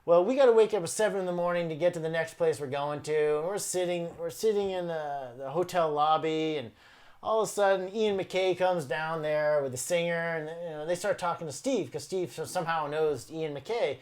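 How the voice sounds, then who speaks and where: Animated man telling a tour story. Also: a little high, a little fast. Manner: animated, laughing, acts out quotes. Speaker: touring punk musician. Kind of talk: storytelling anecdote.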